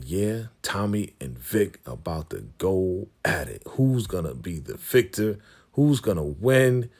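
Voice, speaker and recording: Deep-voiced man recapping a TV episode. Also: darkish tone. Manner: street slang, retells scenes with quoted lines; addresses viewers as family. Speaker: YouTube TV recap host.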